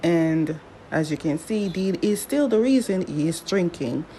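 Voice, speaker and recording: A woman's voice: on the low side, expressive, unhurried, warm tone, slight background noise, poor audio. A woman giving a casual, chatty drama recap, talking back to the characters as she goes.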